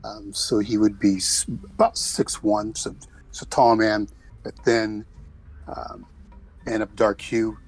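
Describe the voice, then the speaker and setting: A man running a tabletop role-playing game, describing scenes in an unhurried, halting way with many fillers. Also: lowish voice, level tone, creaky, slightly rough, soft background music, low-quality recording. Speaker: game master. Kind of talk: tabletop role-play narration and character voices.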